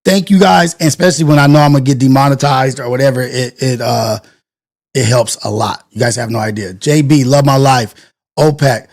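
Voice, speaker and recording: A man's voice: medium pitch, steady tone, brisk, darkish tone. A man hosting a casual live stream, rambling and thinking aloud, often correcting himself. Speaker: live-stream show host.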